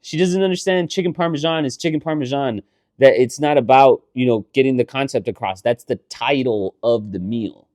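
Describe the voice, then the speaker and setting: A male podcast co-host talks in a loose, rambling chat and swears freely as he explains himself. His voice sits at an ordinary pitch. The sound is close and dry, with no room echo. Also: normal speed. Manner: rambling, animated, swears often. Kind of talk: casual chat.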